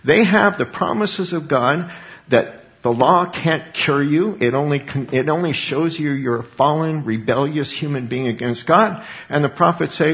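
A man's voice: mid-range voice, lively intonation, normal speed. Emphatic male preacher, dull lo-fi recording. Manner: emphatic, asks rhetorical questions and repeats words. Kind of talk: sermon.

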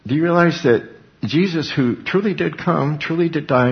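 A man's voice: on the high side, normal speed. A man preaching a sermon, emphatic, with rhetorical questions and repeated words. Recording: dull lo-fi recording.

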